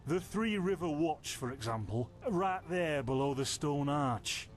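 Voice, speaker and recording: A man's voice: a little high, animated, unhurried, soft background music. An actor with a Yorkshire accent voicing a friendly, chatty scholarly male villager in a video game, explaining things patiently. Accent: Northern English, Yorkshire. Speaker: game character. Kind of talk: voiced video game dialogue.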